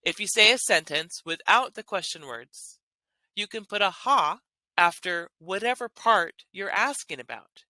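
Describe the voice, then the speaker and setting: Woman teaching a language lesson, bright voice, slow and careful, really into grammar. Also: medium pitch, lively intonation, dry recording. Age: adult with children. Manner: upbeat, explanatory, enthusiastic about grammar.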